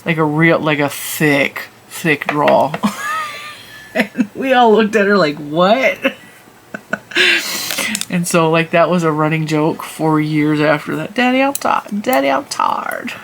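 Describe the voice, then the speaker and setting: Her voice sits low and she talks slowly, leaving long pauses as she knits and reviews yarn for her knitting and crochet channel. She's chatty, wanders off on tangents, and laughs at herself. Background noise runs through the clip.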